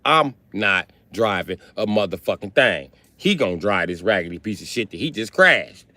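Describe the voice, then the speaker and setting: A man doing a low, haughty old grandmother. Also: expressive, moderate pace, sharp tone, no room sound. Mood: defiant. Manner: lofty, imperious, cussing.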